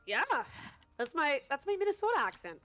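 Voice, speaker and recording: A woman's voice: high-pitched, very animated, a little fast, bright, forceful tone, soft background music. A woman live-streaming a co-op game, chatting casually and rambling with lots of fillers and restarts.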